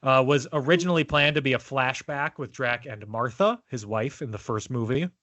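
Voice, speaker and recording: A man's voice: mid-range voice, normal speed, a bit bright, dry recording. A man co-hosting a film podcast in casual chat, reading out trivia and teasing his co-host. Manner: reads trivia, playful and teasing.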